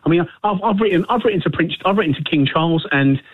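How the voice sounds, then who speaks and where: Impassioned caller on a phone line. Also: male voice, on the high side, fast talker, husky. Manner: impassioned, stumbling restarts.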